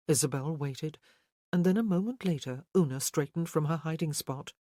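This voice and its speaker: An audiobook narrator telling a historical romance in a measured, even way. The pitch sits in the middle, and the recording is close and completely dry. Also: dry recording.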